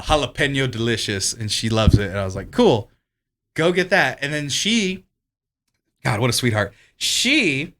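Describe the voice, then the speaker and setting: A man's voice: mid-range voice, a bit bright. A man co-hosting a podcast in casual chat, rambling and profane, laughing often as he tells stories. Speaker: podcast co-host.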